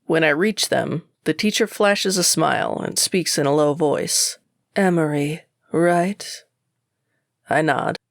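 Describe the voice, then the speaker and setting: Gravelly woman narrating an audiobook. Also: low voice, no room sound, studio quality. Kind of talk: first-person audiobook narration.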